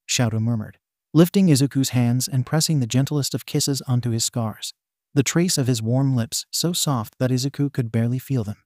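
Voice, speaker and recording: Male narrator for read-aloud fan fiction, steady delivery, mid-range voice. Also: mid-range voice, moderate pace, no room sound, studio quality.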